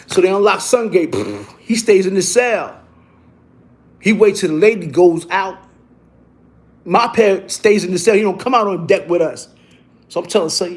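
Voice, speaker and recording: A man telling a story casually, in animated and profane street talk that keeps restarting and repeating itself. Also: high voice, moderate pace.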